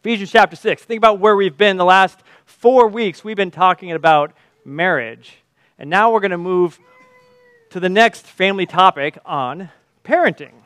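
A man's voice: sits high, normal speed, fairly bright tone, no room sound. A man, in his thirties, preaching a sermon and telling a family story with chuckles.

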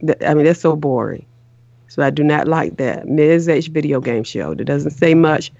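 A woman's voice: deep voice, expressive, normal speed, creaky, dark tone, no echo, muffled recording. A middle-aged woman hosting a show, chatting casually in an earnest way that is full of restarts and repeats. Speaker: show host. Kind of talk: casual chat on a call-in show.

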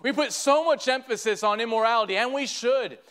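A man's voice: extremely high pitch, brisk, fairly bright tone, smooth. A man, preaching a sermon earnestly and often restarting his sentences. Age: 30s.

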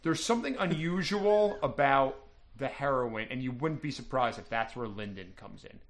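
A man narrating as a tabletop game master at a mid pitch. He explains at an easy pace, with frequent "um"s. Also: moderate pace. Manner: relaxed, filler-heavy explaining.

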